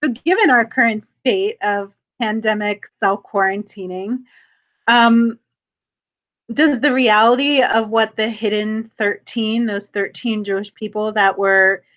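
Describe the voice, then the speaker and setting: A woman's voice: mid-range voice, fairly even intonation, a little slow, a bit bright, highs cut off. A woman editor interviewing an author on a video call, laughing often and hesitating with fillers.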